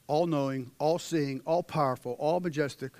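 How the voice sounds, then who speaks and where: A young man preaching a sermon, dropping to hushed intensity, then rising into loud exhortation as he reads scripture. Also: fairly high pitch, normal speed, dry recording.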